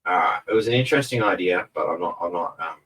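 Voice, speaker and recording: Sitting in front of a TV at home, an Australian host streams live in a relaxed, rambling style with free swearing. He speaks quickly and expressively in a low-pitched but fairly bright voice, picked up by a distant camera mic on a low-quality recording.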